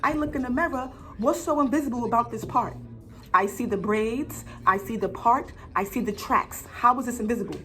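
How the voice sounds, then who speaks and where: A woman telling a story on her vlog in an animated way, full of swearing and slang. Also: fairly high pitch, normal speed. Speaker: vlogger.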